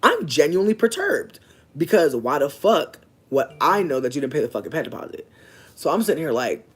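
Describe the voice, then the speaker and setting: A young man telling a personal story in a casual, profane, slangy way, swinging from low asides to loud, animated outbursts. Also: fairly quick, slightly rough. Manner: breaks off to talk to passersby.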